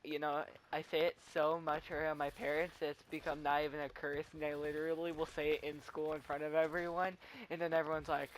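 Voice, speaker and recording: Talking a little fast in a slightly high voice with little pitch movement, a teenage gamer gives chatty, wandering commentary as he plays. His stories stop and restart, and there's slight background noise.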